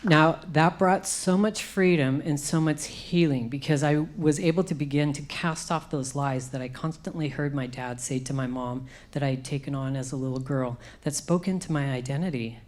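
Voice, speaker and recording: Low-voiced woman telling her testimony. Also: moderate pace, few pauses, darkish tone. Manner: emotional storytelling, acts out her own past speech. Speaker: conference speaker. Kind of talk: personal testimony.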